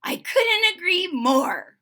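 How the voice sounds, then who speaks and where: Lady reading as a sweet modest puppy girl, soft and gentle, bright tone. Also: fairly high pitch, sing-song, a little slow, heavily acted. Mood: modest cheerful. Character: gentle modest young female puppy hero.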